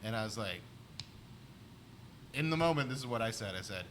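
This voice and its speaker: A man's voice: lowish voice, animated, brisk, pauses often, fairly bright tone, slight background noise. A man, a comedian co-hosting a podcast, telling a rambling story in casual chat with lots of "like". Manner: rambling anecdotes full of "like".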